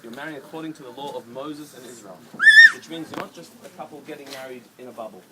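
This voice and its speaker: A man's voice: medium pitch, quick pace, noisy background. A man officiating a wedding ceremony, explaining the rites in plain words and chanting blessings. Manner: explains warmly and plainly, then chants Hebrew prayers. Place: outdoor wedding ceremony with guests. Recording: loud crowd of guests. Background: crowd of wedding guests.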